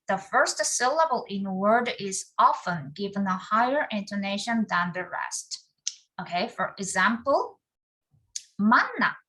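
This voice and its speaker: Korean-accented woman, language tutor, bright tone, fairly high voice, teacherly. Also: poor audio. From Busan, South Korea. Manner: teacherly, checks in with the viewer. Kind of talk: English-language lesson on Korean dialects.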